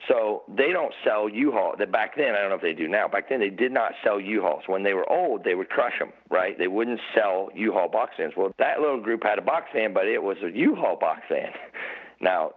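Middle-aged guy rambling thru old racing stories, lowish voice, sounds like a phone line. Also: animated, normal speed. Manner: rambling, laughing anecdotes with many restarts. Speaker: podcast guest, former motorcycle racer. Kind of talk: casual storytelling chat. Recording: tinny phone-like audio.

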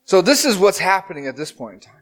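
A man in his thirties preaching a sermon as pastor, telling the story with animated, dramatic acted-out quotes. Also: sits high, fast talker.

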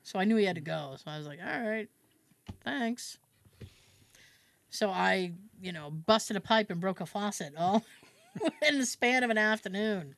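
A woman's voice: mid-range voice, moderate pace, fairly bright tone, no room sound. A woman co-hosting a podcast, animatedly telling a personal anecdote in casual chat and swearing freely. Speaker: podcast co-host.

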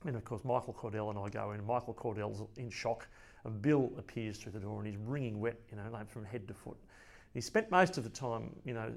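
An Australian man in a podcast interview, telling a rambling, lively story about a friend, with many restarts and acted-out quotes. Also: medium pitch, vocal fry. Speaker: friend and colleague of the late cartoonist.

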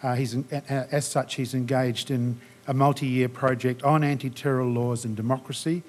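A man giving a polite, slightly halting formal introduction as an event host. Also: mid-range voice, fairly even intonation, a little mellow.

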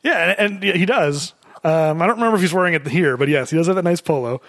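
Guy cohosting a movie podcast, kinda high voice, super dry close mic, laughs a lot. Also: quick pace, dry recording. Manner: laughing often, animated and rambling. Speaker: podcast co-host. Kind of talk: casual movie commentary chat.

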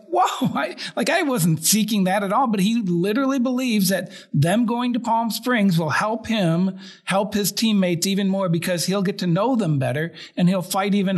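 A man co-hosting a sports podcast, telling stories in a rambling way with many fillers and easy laughter. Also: high-pitched. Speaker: team writer and podcast co-host. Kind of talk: casual sports chat.

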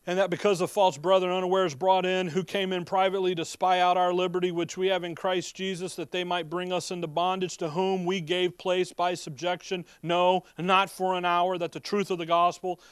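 A man's voice: high voice, flat delivery, moderate pace, hardly any pauses, smooth, no echo, clean studio sound. Emphatic man preaching a folksy sermon. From Midwestern United States. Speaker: pastor.

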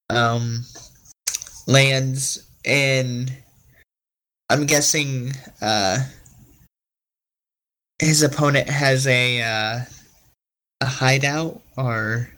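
A man co-hosting a casual anime podcast, talking haltingly while he improvises a fight scenario. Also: mid-range voice, fairly even intonation, sharp tone, low-quality recording. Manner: halting, full of fillers and restarts. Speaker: podcast co-host.

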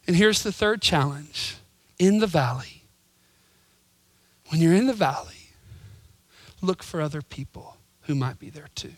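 A male pastor preaching a sermon, telling stories and swinging from loud emphasis to hushed whispers. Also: sits high, expressive, measured pace, long pauses, no echo. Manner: storytelling with voices.

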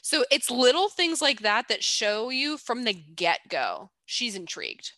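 A woman's voice: a little high, sing-song, a little slow, sharp tone, dry recording. A woman co-hosting a podcast, chatting playfully and teasing her co-host while breaking down a film character. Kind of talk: casual analytical chat.

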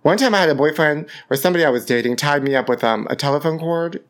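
Speaking fast and expressively in a voice on the high side, a man hosts a gossip podcast at home. He's theatrical and camp, addressing listeners as honey over a podcast microphone.

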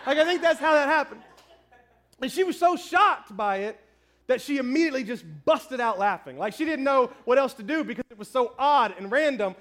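High-voiced pastor in his thirties. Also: brisk. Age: 30s. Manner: storytelling, animated, self-mocking. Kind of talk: sermon.

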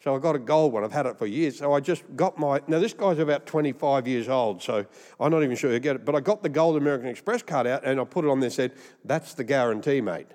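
Talking fast in a medium-pitched, slightly mellow voice, an Australian male pastor preaches a comic storytelling sermon. Rambling jokey stories and laughter at his own punchlines fill a recording with long hall reverb.

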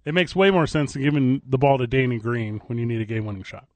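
A man's voice: medium pitch, expressive, a little mellow, no room sound. A man hosting a morning sports radio show, bantering and teasing his co-host. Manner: playful, jokey, quick to tease. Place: radio studio. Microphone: studio microphone.

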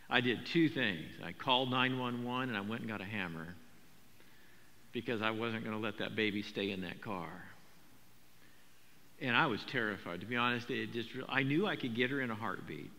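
An older man preaching a sermon, talking in a conversational, animated storytelling way with frequent repetitions. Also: medium pitch, moderate pace, creaky, pauses often. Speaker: pastor. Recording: long hall reverb.

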